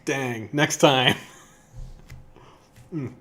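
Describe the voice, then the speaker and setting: A man in his thirties talks through a casual lunch livestream, mid-pitched and easygoing. He reads satire aloud, stumbling over words with plenty of ums and uhs and laughing at the jokes. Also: fairly even intonation, drawn-out words, a bit bright. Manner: chatty, many fillers, laughs at what he reads. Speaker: livestream host.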